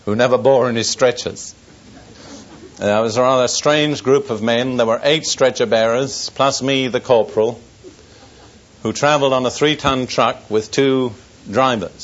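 A man's voice: medium pitch, fairly bright tone. An older man, a pastor, preaching to a congregation and telling a personal story with dry humor and earnest warnings. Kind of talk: sermon testimony. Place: church service before an audience. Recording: dull lo-fi recording.

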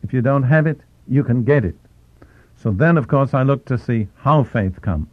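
A man giving a sermon as a Bible teacher, deliberate and slowing down to stress key phrases. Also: medium pitch, animated, dry recording. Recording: tinny phone-like, dry.

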